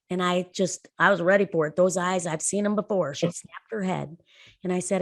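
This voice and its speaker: Low-voiced woman telling earnest stories. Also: steady tone, moderate pace. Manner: earnest storyteller, emphatic rises. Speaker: podcast co-host. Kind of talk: conversational podcast chat.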